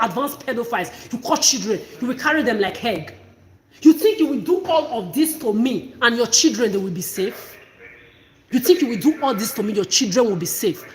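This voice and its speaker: A woman talking straight to her viewers in an impassioned, emphatic monologue, often repeating herself. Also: on the high side. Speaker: vlogger. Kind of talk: emotional personal monologue to camera.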